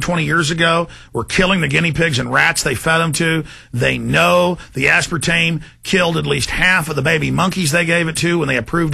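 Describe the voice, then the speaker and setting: A man's voice: a little high, creaky, husky. A man hosting a talk show, ranting in an impassioned monologue to his listeners. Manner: ranting, shouts in bursts, addresses folks directly.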